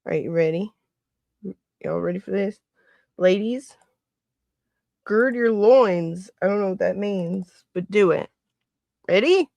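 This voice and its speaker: A woman's voice: medium pitch, measured pace, vocal fry, long pauses, dark tone, no echo, muffled recording. A woman hosting a casual livestream, chatting and laughing often as she greets viewers by name. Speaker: livestream host.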